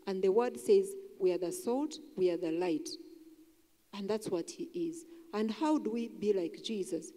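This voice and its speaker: A woman's voice: medium pitch, measured pace, warm tone. Woman preaching in a reverberant hall. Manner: earnest, repetitive preaching with acted-out inner voices. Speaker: church elder preaching. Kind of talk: sermon. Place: large church hall. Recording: long church hall reverb.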